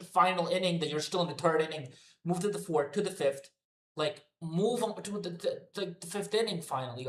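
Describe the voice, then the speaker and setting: A man's voice: fairly high pitch, roomy sound. A man ranting profanely to his live chat about a wrestling show, repeating himself as he goes. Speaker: wrestling commentary streamer. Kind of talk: unscripted rant to a live chat. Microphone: headphones on.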